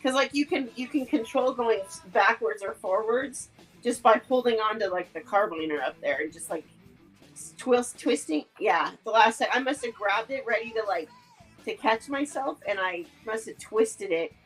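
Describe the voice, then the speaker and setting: A woman co-hosts a casual podcast, telling profane stories with plenty of laughter. Her voice is husky and sits a little high. Faint music plays in the background. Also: normal speed, low-quality recording. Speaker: podcast co-host. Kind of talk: casual chat.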